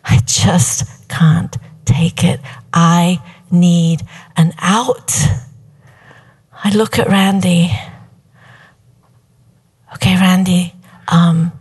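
A young woman telling a personal story live, animated, slipping into hushed whispered asides. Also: lowish voice, very slow, breathy edge.

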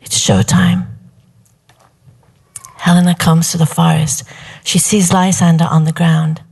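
A young woman telling a personal story live, animated, slipping into hushed whispered asides. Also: lowish voice, unhurried, creaky, husky.

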